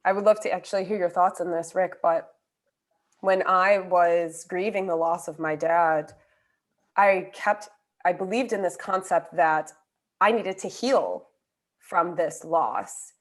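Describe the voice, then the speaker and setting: A woman's voice: fairly low pitch, a little slow. A woman talking candidly about her own grief, speaking earnestly with casual fillers in a conversation over a video call. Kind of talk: personal reflective conversation.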